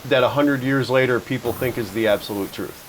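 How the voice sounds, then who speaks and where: A man hosting a podcast, telling stories in a relaxed, joking way and poking fun at himself. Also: mid-range voice, brisk, a little hiss or hum, poor audio. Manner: chatty storyteller, jokes about himself. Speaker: podcast host. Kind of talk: casual chat.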